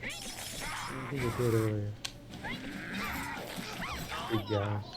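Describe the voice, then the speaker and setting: A man playing a co-op game with a friend, talking in a halting, laid-back way and asking lots of questions. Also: fairly low pitch, wildly swooping pitch, loud music behind the voice. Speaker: co-op gaming partner. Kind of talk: casual gameplay chat.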